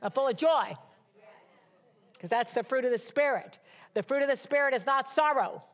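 Woman, Bible teacher, conversational sermon, emphatic, repeats words, somewhat high voice. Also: normal speed.

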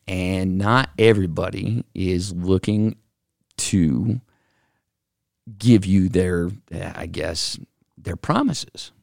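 A middle-aged man casually telling a story from his office, animated, acting out the voices of the people in it, with lots of fillers. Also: deep voice, drawn-out words, vocal fry, dry recording, studio quality. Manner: animated, acts out quoted voices, many fillers.

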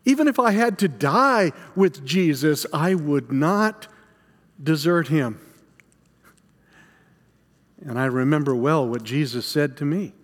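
A man playing the frightened, guilt-stricken apostle Peter in a dramatic first-person monologue, halting and stammering over his words. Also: fairly high pitch, animated, in a large hall. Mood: ashamed.

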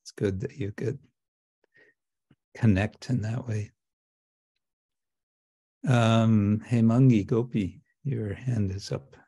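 A man hosting an online satsang, speaking gently and reassuringly over a video call. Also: fairly low pitch, steady tone, slow, pauses often, slightly rough, no echo. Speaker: spiritual teacher hosting a satsang.

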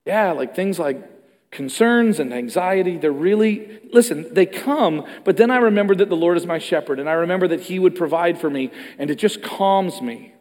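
A man preaching a sermon with animated delivery, moving between loud emphatic passages and hushed ones. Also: high-pitched, moderate pace. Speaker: pastor. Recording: long reverb of a large hall.

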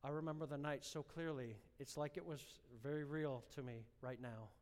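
A man preaching a sermon, telling a personal story with strong emotion and building to fervent, loud exhortation. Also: on the high side, steady tone, normal speed, big-room sound. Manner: emotional storytelling, rising to impassioned shouting.

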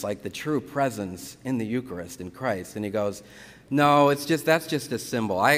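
A Catholic priest giving a conversational sermon, telling stories from the pulpit with lively retellings. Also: male voice, on the high side. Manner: conversational storytelling, animated retellings. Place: church. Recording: church reverb.

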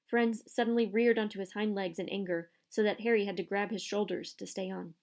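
Gravelly-voiced woman narrating a storybook. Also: mid-range voice, steady tone, brisk, darkish tone. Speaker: audiobook narrator.

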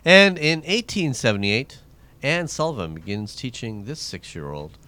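A man's voice: medium pitch, normal speed, slight background noise. A man hosting a trivia segment on a radio show, reading history questions in casual banter. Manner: reads history questions, lively intonation. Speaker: trivia host.

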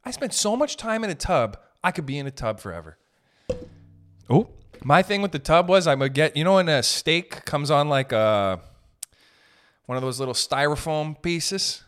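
A young man telling comic stories in a loose, profane rant, riffing with quick asides. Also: a little high, big pitch swings, fairly bright tone. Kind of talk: comedic storytelling rant.

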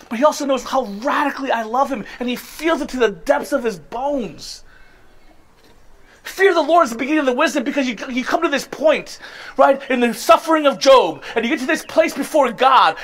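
A man in his thirties delivers a sermon from the pulpit. His voice sits high and light for a man. He speaks earnestly and rises into impassioned appeals to his congregation. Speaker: pastor.

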